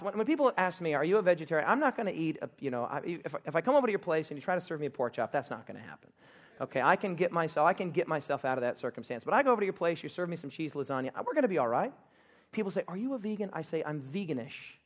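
A man with a high, light voice preaches a sermon in a church. He is lively and humorous, often calling out questions to draw answers from the congregation. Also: a little fast. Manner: animated preaching with call-and-response and humor. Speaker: pastor.

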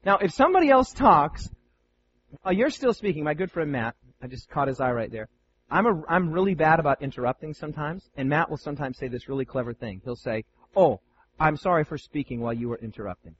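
A man preaching a sermon in an animated, playful way, often asking his listeners questions. His voice sits high for a man and swings widely in pitch. The recording sounds slightly dull, with faint noise behind it. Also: fairly quick. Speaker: preacher teaching Bible students.

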